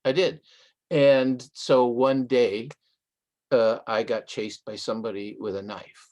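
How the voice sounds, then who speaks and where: Older guy from socal chatting in a live interview, easygoing storyteller, mixes in spanish words, mid-pitched voice, laughs here and there. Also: slow. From Southern California. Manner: relaxed storytelling that drops Spanish phrases into English. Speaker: guest author.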